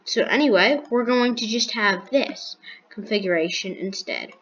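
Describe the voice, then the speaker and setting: A woman's voice: mid-range voice, normal speed, fairly bright tone, lo-fi sound, a little hiss or hum. A woman giving casual commentary while building in a block game, thinking aloud with restarts, counting blocks and making dry sarcastic jokes. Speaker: gaming video creator.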